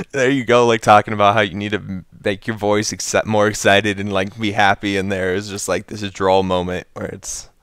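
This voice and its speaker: American dude hosting a late night chat, kinda low smooth voice, rambly, laughs a lot. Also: male voice, steady tone, normal speed, a bit bright, no echo. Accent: General American. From United States. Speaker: channel host.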